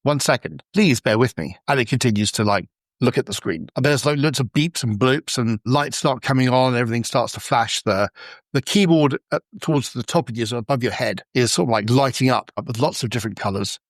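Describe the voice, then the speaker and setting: A man's voice: medium pitch, a little fast, dry recording, clean studio sound. Man narrating as game master, lots of fillers. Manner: loose, improvised narration with many fillers.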